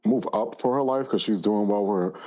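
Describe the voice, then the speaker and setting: A man calls in to a gossip show and lays out his opinions in a steady way. His voice sits a bit low. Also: a little fast. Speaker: caller. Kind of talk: casual call-in commentary.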